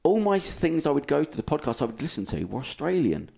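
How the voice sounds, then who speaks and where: A man in his 30s from England co-hosts a casual podcast chat, rambling, swearing freely, and poking fun at himself. His voice is on the high side, sing-song, quick, gravelly, and a little mellow.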